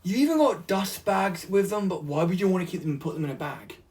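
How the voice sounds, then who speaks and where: A man from the UK chatting casually through an unboxing vlog, rambling and easily excited. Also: sits high, quick pace, breathy edge. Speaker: vlogger.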